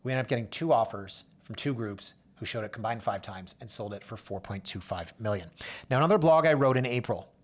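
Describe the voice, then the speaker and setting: A man hosting a real estate show, telling client stories in a casual monologue and acting out the people he quotes. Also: a little fast. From Canada. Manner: storytelling, acts out quoted voices with big pitch jumps. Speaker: realtor and show host.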